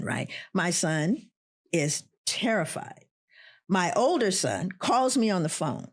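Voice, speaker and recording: A middle-aged woman, an interview guest, telling a personal story in an animated way and voicing the people in it. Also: fairly low pitch, slow pace, breathy edge.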